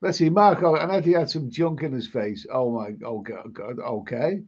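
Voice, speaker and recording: A man's voice: medium pitch, normal speed, darkish tone. Rambling man with a dull lo-fi sound. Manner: rambling, repeats words and restarts sentences. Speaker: live stream host. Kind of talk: casual live stream chat reading viewer comments.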